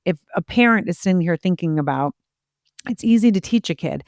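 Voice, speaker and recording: A woman hosting a podcast in casual conversation, candid with quick asides and casual swearing. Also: on the low side, lively intonation, darkish tone, no room sound, clean studio sound. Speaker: podcast host.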